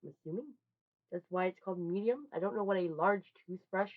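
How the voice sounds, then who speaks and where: A chatty young woman shows off her gifts in a loose, rambling way, often restarting her sentences and breaking into sudden loud bursts. Her voice sits a little low for a woman. The home recording sounds muffled and lo-fi. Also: brisk. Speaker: vlogger. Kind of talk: casual show-and-tell haul.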